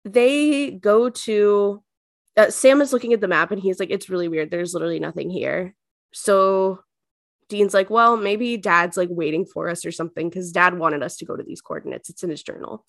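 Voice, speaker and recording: A woman co-hosting a podcast, recapping an episode in casual chat full of fillers and quick bursts. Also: mid-range voice, steady tone, no room sound, studio quality. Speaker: podcast co-host.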